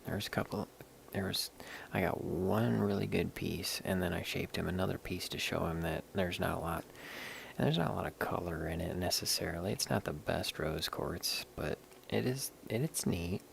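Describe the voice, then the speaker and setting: A man's voice: low-pitched, moderate pace, vocal fry, a little hiss or hum. A man rambling candidly in casual live-stream chat while showing stones, swearing now and then. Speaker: livestream host showing stones.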